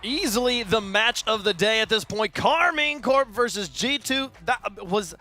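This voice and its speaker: A man's voice: high voice, measured pace, pushed and bright, soft background music. A man hosting a live esports broadcast, enthusiastic and speaking to the viewers. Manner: enthusiastic, addresses viewers as folks. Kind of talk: live esports analysis chat.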